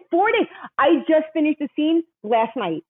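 A woman's voice: high voice, takes it slowly, dry recording, phone-quality sound. A woman in her forties, a romance novelist, telling stories in casual chat with lots of laughter and acted-out quotes. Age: 40s. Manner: animated storyteller, laughs often, acts out quotes.

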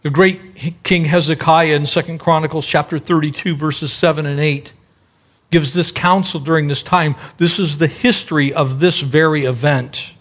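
A man's voice: fairly high pitch, fairly even intonation, normal speed, fairly bright tone. Man preaching in a conversational sermon. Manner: conversational preaching, acts out quoted voices. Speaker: pastor.

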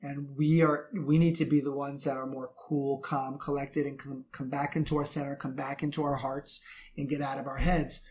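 A man's voice: medium pitch, little pitch movement, normal speed, a little mellow. A man giving earnest relationship advice to other men, preachy and repeating phrases for emphasis. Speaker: relationship coach.

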